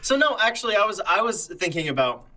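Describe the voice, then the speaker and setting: A man's voice: sits high, very animated, fast, bright, forceful tone, rough recording. A reserved young man chatting casually on a podcast, hesitant and restarting his sentences often. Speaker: podcast co-host. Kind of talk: casual chat.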